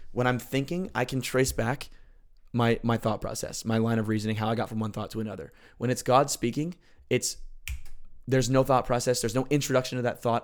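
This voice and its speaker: An earnest man talks through a faith lesson in a relaxed, conversational way, pausing now and then to check that the listener is following. His voice sits at an ordinary middle pitch. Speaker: podcast host teaching on faith. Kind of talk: casual teaching talk.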